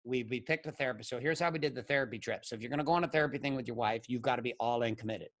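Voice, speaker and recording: A man's voice: medium pitch, very fast, a bit bright. A middle-aged man, a men's coach as a podcast guest, telling his story bluntly and emphatically, with plenty of swearing. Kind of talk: candid podcast interview.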